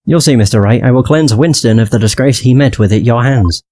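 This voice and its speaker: Guy voicing a pompous smug prosecutor, formal, medium pitch. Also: a little fast, darkish tone, a little hiss or hum, natural voice.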